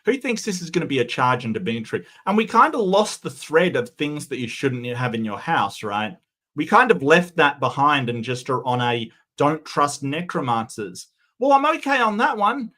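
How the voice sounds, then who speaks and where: A man's voice: on the high side, very animated, normal speed, a bit bright. A man giving sarcastic, mocking reaction commentary, often stumbling and restarting his sentences.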